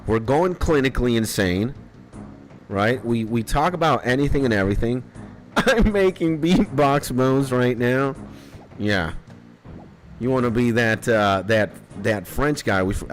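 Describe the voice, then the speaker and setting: A man's voice: mid-range voice, animated, a little slow. A man chatting casually on a live gameplay stream, rambling, laughing often and swearing now and then. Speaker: game streamer. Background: faint retro game music.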